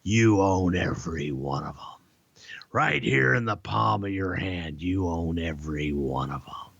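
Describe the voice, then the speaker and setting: A man putting on an intense, commanding male wrestling promoter in whispered role-play, low, hushed and forceful. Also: lively intonation, normal speed, dry recording, dull audio, heavily acted.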